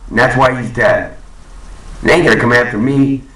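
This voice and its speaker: A man's voice: medium pitch, fairly even intonation, moderate pace, fairly bright tone, echoey room, far from the mic, a little hiss or hum, poor audio. A man ranting angrily to camera, swearing and repeating himself, in a profane monologue. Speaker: vlogger. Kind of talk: profane conspiracy rant to camera.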